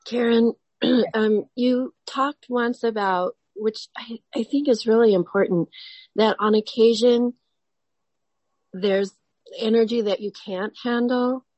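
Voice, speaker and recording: A woman's voice: fairly high pitch, steady tone, slow, darkish tone, dry recording, low-quality recording. A woman in a class thoughtfully raising a point with her teacher, hesitant and searching. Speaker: class member. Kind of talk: asking a question in class.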